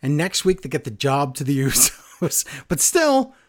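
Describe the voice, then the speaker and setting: A man co-hosting a casual wrestling recap podcast, sarcastic and lively as he runs through the night's events. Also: fairly high pitch, a little slow. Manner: animated, sarcastic play-by-play.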